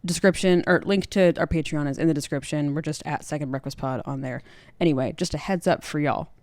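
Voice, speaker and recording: A young woman, co-hosting a podcast and recapping a book chapter in lively casual chat, jumping her pitch to act out quotes. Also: dry recording. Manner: lively, chatty, acts out quotes with quick pitch jumps. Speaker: podcast co-host.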